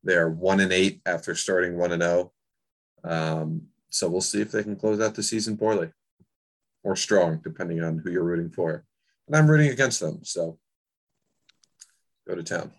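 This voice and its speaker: A man's voice: deep voice, normal speed, long pauses. A man co-hosting a casual sports podcast, laid-back and wry, with many fillers. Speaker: podcast co-host.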